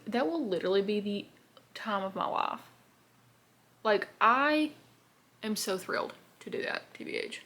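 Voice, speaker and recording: A woman's voice: mid-range voice, expressive, a little slow, long pauses, fairly bright tone. A young woman, chatting in a bubbly, rambling way while doing her makeup on camera. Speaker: beauty vlogger. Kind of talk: casual get-ready-with-me chat.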